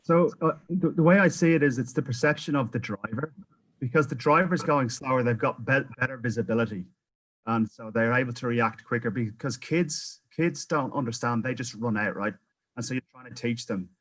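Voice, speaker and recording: A man's voice: mid-range voice, brisk, a bit bright, poor audio. Impassioned New Zealand man pleading. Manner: impassioned, pleading, frequent restarts. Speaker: public submitter at council hearing. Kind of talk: public testimony.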